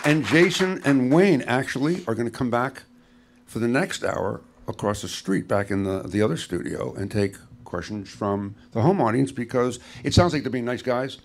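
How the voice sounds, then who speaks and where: A man hosting a live radio interview on stage, bantering quickly and steering toward breaks. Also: medium pitch, expressive, gravelly. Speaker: radio host. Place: live stage before an audience. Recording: noisy live stage mix.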